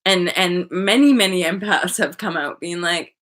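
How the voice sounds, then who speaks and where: A woman's voice: lowish voice, normal speed, fairly bright tone. A woman hosting her own channel as a spiritual coach, talking in a loose, rambling way, full of "like" and casual swearing.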